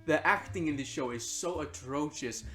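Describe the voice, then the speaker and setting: A man's voice: a little high, moderate pace, fairly bright tone, soft background music. A man giving a blunt, sarcastic, profane rant while reviewing films and shows, mocking them in raised voices. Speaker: movie and TV reviewer. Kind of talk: casual ranting review.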